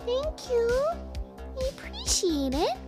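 Woman doing a squeaky kawaii anime girl. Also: wildly swooping pitch, takes it slowly, loud music behind the voice, full character voice. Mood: sugary pleading. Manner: sing-song and pouty, spiraling into swearing tantrums. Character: sugary cutesy anime girl persona. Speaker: streamer. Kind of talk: live stream chat.

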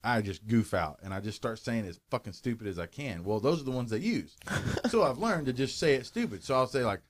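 A man's voice: medium pitch, expressive, brisk, a little hiss or hum. A man co-hosting a casual show, telling a story with lots of swearing and laughter. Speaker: podcast co-host. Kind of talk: rowdy casual chat.

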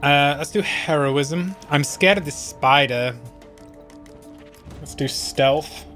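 A man's voice: a little high, takes it slowly, a bit bright, soft background music. A man giving casual gameplay commentary, chatty and self-mocking, talking straight to his viewers. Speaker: let's play host.

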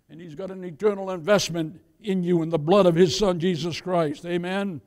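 A man preaching a sermon, his voice pitched unusually high for a man. He preaches with emphasis, turning often to his listeners as "beloved" and asking them for an amen. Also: normal speed, hardly any pauses, darkish tone. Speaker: pastor.

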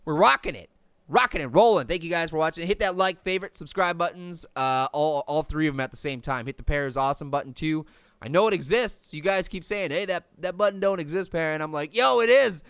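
A man voicing a cocky, hyper talking pear who brags about his gaming skills while playing a video game, slangy and prone to high squealing screams. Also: a little fast, fairly bright tone, smooth, dry recording. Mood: chatty. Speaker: game commentator. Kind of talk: let's-play cartoon commentary.

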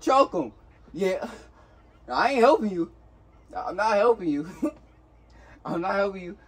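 Lively high-voiced young prankster. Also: male voice, slow, slightly rough. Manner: teasing, playful, laughing taunts. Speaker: prankster, nephew. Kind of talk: prank video banter.

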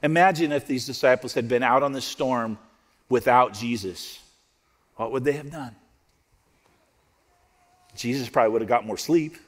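A man preaching a sermon as pastor, conversational and joking, dropping to soft prayerful tones. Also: mid-range voice, normal speed, pauses often, in a large hall. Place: church auditorium.

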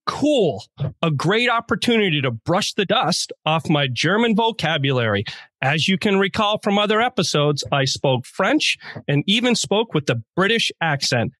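A man's voice: sits high, very animated, moderate pace, a bit bright, dry recording. A man co-hosting a podcast, telling jokey stories in a playful, casual way. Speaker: podcast co-host.

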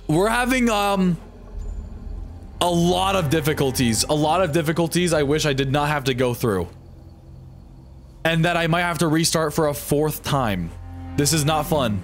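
A young man streaming a game live from home, talking to his chat in a flustered, swearing way. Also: fairly high pitch. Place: home room with computer.

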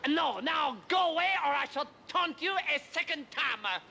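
An actor playing an arrogant French castle guard in an exaggerated French accent, hurling sneering taunts. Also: male voice, very high voice, lively intonation, a little slow, gravelly, bright, forceful tone, full character voice. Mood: taunting. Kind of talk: comedy film acting.

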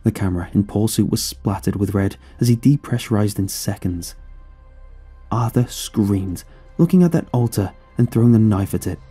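A man narrating a scripted horror story with a very dark, mellow and husky voice pitched on the low side. He tells it in a somber, measured way, with faint music underneath.

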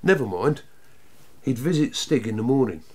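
A man reading a children's book aloud, narrating in an expressive, lively way. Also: mid-range voice, moderate pace, breathy edge. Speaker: storyteller.

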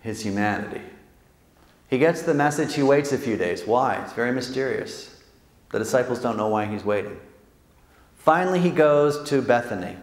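A man, a Jesuit priest, giving an animated, joking talk to an audience, acting out quotes and often tagging lines with "right?". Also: mid-range voice, moderate pace. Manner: animated, jokey, acts out quotes, frequent "right?" tags. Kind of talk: lively faith talk to an audience. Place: large hall with audience. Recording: echoey hall with long reverb.

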